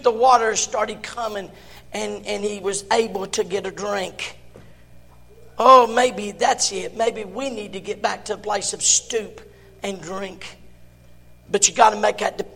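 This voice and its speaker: Pastor guy preaching, real high voice, shouts then goes quiet, lots of reverb. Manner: impassioned preaching, swinging from shouts to hushed tones. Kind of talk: sermon.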